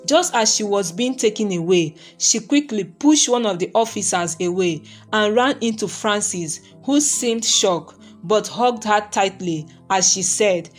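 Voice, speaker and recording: A woman narrating a romantic folktale story in a steady, even reading voice. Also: mid-range voice, a little slow, hardly any pauses, faint music behind.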